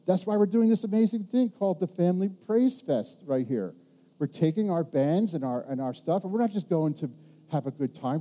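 A man preaching a sermon, animated and rambling, asking the congregation rhetorical questions and restarting his sentences. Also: high voice. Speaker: pastor.

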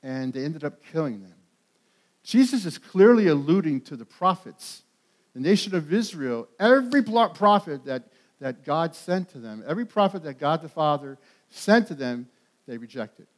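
A pastor preaching a sermon, animated and emphatic. He rises to loud peaks and often repeats and restarts words. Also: fairly high pitch, moderate pace.

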